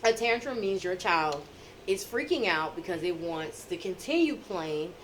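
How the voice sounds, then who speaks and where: A middle-aged woman hosting a casual chat, who tells stories in an animated, emphatic way. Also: lowish voice, measured pace, slight background noise, low-quality recording.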